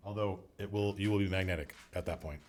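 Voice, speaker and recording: A man's voice: sits low, fairly even intonation, fast talker, slight background noise. A man hosting a casual livestream as game master, thinking aloud as he answers viewer questions and talks to his cat.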